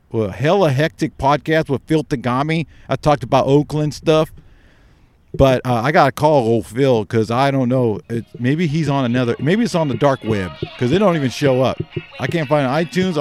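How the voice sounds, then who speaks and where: A man's voice: medium pitch, moderate pace, no echo. A man co-hosting a podcast, telling rambling stories in casual chat and laughing as he goes. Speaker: podcast co-host.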